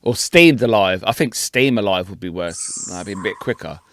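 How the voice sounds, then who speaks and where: A man's voice: low-pitched, lively intonation, moderate pace, background noise. A man co-hosting a casual podcast who teases his friend with crude jokes and frequent laughter. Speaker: podcast co-host. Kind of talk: casual banter.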